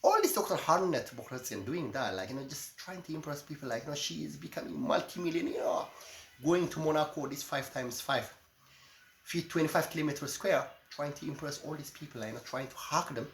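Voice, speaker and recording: A middle-aged man from Eritrea, delivering a passionate, ranting monologue that swings between loud outbursts and low asides, often repeating "my friend". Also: lively intonation, a little fast, slight background noise. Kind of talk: impassioned monologue. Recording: echoey room with faint ambience.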